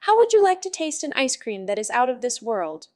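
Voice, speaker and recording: A woman's voice: high voice, sing-song, a little fast, a little mellow, dry recording, studio quality. A woman voicing a frivolous male street vendor who talks in a glib, cajoling way. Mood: glib coaxing.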